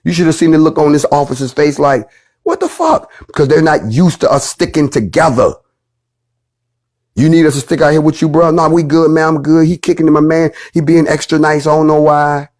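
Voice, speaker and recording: A middle-aged man leading an organization, talking to his followers in a casual, emphatic livestream with blunt slang and profanity. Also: on the high side. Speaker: organization leader addressing followers.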